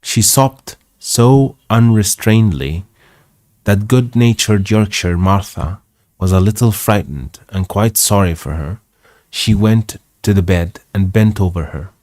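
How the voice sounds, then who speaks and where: Brief: Arabic-native man, low voice, unhurried read-aloud host, dry close sound. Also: darkish tone, no room sound. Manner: slow, reflective, chuckles at the text. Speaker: English reading host. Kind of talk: live read-aloud with comments.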